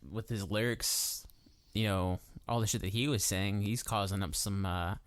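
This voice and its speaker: A man's voice: fairly low pitch, fairly even intonation, normal speed, clear, resonant tone. A man co-hosting a casual music podcast, laid-back, swearing freely and talking in loose, filler-heavy chat. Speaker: podcast co-host. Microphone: desk microphone.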